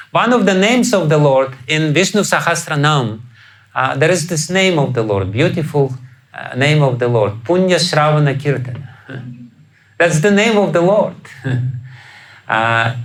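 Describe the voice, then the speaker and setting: A fairly high-pitched man with a Russian accent gives a scripture lecture in a lecture hall as a spiritual teacher. He chuckles often, asks rhetorical questions, and breaks into sudden loud outbursts while acting out quoted voices. The recording is rough.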